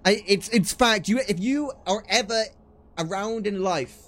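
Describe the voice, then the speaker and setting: Animated man, high voice. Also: measured pace. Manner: animated, laughing, says "dude" often. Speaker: streamer. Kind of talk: casual chat to viewers.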